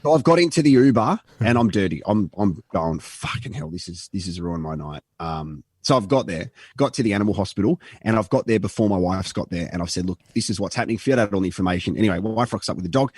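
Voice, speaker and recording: Low-voiced Australian man telling a story. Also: lively intonation, fast, hardly any pauses, darkish tone, slightly rough, dry recording. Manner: rambling anecdotal storyteller, swearing, acting out quotes. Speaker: radio show co-host. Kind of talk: casual storytelling chat.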